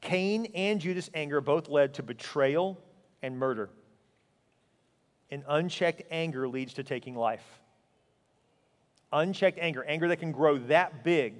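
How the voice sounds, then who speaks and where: A man preaching as a pastor, earnest and emphatic, often sinking to a quiet, intense tone. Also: on the high side, unhurried, pauses often, big-room sound. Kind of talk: sermon.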